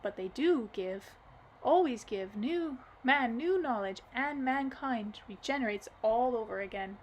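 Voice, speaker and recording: A woman reading an audiobook, voicing a patient, wise light-haired brother who explains things calmly. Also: a little high, a little slow, slight background noise.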